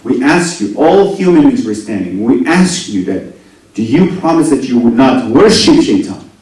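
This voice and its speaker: A man preaching a sermon, swinging between loud rising lines and soft low asides, often asking the audience questions. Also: normal speed. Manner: animated, rising and dropping to near whispers, asks the audience questions. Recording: very echoey hall, voice from a distance.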